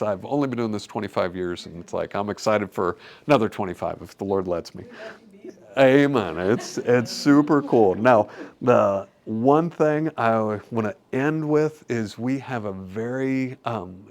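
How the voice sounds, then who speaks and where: A middle-aged man gives a chatty health talk as a chiropractor. His voice sits low with a gravelly edge. He gets animated, acting out little quotes and laughing as he goes.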